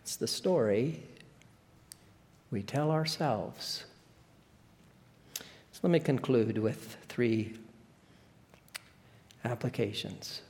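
A man preaches in a church, quiet and measured as he moves toward his closing points. His voice sits at an ordinary middle pitch. A long reverb from a large hall trails behind him. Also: lively intonation. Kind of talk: sermon.

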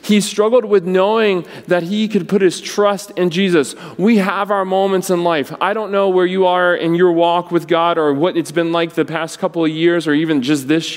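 A man preaching a sermon, acting out the quoted voices with wide swings in pitch. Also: big-room sound. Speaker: pastor.

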